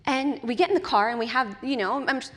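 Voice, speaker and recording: A woman giving a sermon at a church service, with animated, personal storytelling and easy laughter. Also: high voice, fast, in a large hall. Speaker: guest speaker at a church.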